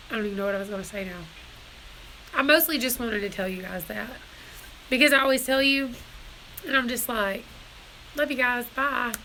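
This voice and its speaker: A woman's voice: medium pitch, sharp tone, a little hiss or hum. A woman on a casual live stream from her barn, emotional and tearful, rambling as she talks to her viewers. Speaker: homestead vlogger.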